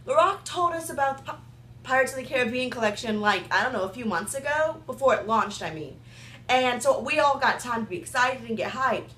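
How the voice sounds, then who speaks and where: Chatty young woman vlogger, high voice. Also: expressive, fairly quick, a bit bright, roomy sound, a little hiss or hum. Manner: chatty, rambling, filler-heavy with "like" and "um". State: has the hiccups. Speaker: beauty vlogger. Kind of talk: casual product review.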